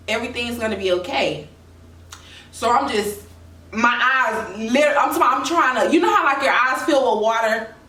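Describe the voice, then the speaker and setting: A woman's voice: medium pitch, bright, forceful tone. A young woman vlogger candidly and emotionally telling a personal story to her viewers. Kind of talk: storytime vlog. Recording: echoey room, mic at a distance.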